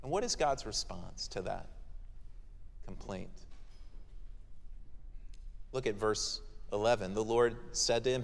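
A man's voice: mid-range voice, measured pace, pauses often. A male pastor preaching a sermon who explains scripture in a conversational, emphatic way, in a hall with long reverb.

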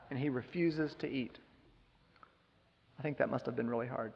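A man's voice: medium pitch, expressive, normal speed, vocal fry, pauses often, long reverb tail, muffled recording. A man giving a sermon, retelling a scripture story with emphatic rhetorical questions. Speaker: preacher.

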